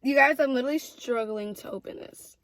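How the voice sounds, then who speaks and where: A young woman vlogger telling a story while eating, chatty and animated, full of "like" and "literally". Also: high-pitched, a little fast, no room sound.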